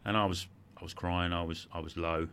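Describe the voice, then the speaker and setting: A man's voice: low-pitched, little pitch movement, a little fast, sharp tone, a little hiss or hum. A middle-aged man, a podcast guest, telling an emotional story in conversation, reflective and repeating words when moved.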